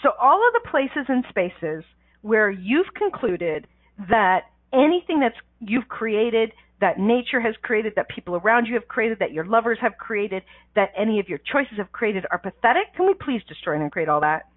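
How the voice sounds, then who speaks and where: Hosting a call-in show as a life coach, a woman speaks at a normal pace in an animated voice on the high side. She laughs often and talks with energy and emphatic slang, and the recording is dry and tinny, like a phone line.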